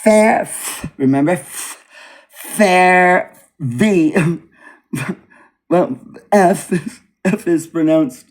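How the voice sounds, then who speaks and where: A man's voice: high voice, lively intonation, very slow, long pauses. A man giving casual commentary over a video, rambling and repeating words as he mock-teaches pronunciation. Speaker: video reactor.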